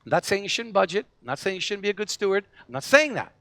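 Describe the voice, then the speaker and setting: Male pastor, sermon, bright higher voice, dry close sound, storytelling with acted quotes. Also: quick pace, no room sound. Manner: animated storytelling, acts out quoted voices, frequent restarts.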